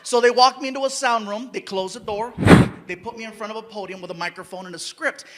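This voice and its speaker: A man performing stand-up comedy, telling animated stories with sudden shouts and put-on voices. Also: sits high, quick pace.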